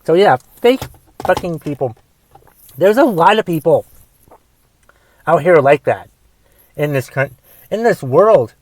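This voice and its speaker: A young man hosting a comedy podcast, delivering a profane solo rant that swings between shouting and mumbled asides. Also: fairly high pitch, big pitch swings, measured pace, long pauses. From United States. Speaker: podcast host and stand-up comedian.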